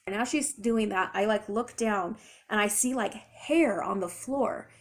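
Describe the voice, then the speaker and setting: A young adult woman retelling a personal story in a chatty, rambling, expressive way. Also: mid-range voice, a little slow. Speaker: vlogger. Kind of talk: casual storytime.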